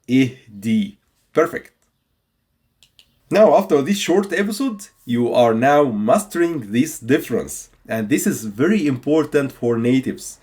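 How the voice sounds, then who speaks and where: A man teaching a video language lesson, repeating example phrases slowly and patiently for learners. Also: mid-range voice, a little mellow, husky. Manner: patient, instructive delivery.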